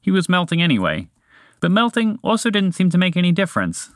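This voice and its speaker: A man reading a children's story aloud in a lively storytelling manner. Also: high voice, a little fast, dry recording, studio quality. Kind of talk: scripted narration.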